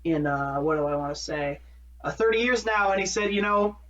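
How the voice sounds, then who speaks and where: A man's voice: high-pitched, brisk, fairly bright tone, far from the mic. A man from Minnesota co-hosts a podcast in a loose, rambling chat, correcting himself as he goes and laughing at his own jokes. His voice sits back from the mic. The recording sounds muffled and dull. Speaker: podcast co-host. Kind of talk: casual chat.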